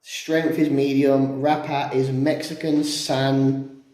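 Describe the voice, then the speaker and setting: Guy, mellow chatty vlogger, explains step by step, echoey room. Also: medium pitch, flat delivery, takes it slowly. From England. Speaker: cigar vlogger. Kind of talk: casual chat and demonstration. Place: indoors at home.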